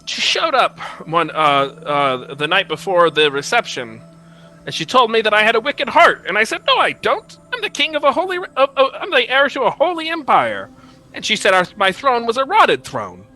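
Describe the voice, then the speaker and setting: A man's voice: high voice, sing-song, moderate pace, pushed and bright, soft background music, pitched above the performer's own voice, full character voice, poor audio. A man doing a rambling young prince. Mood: storytelling. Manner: rambling, self-important storytelling. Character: young human prince, freshly uncursed, boastful.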